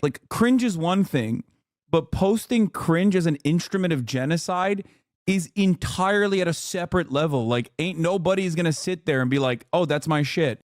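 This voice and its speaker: A man giving casual live-stream commentary in an incredulous, profane, animated rant as he reacts to videos. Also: a little high, dry recording, studio quality.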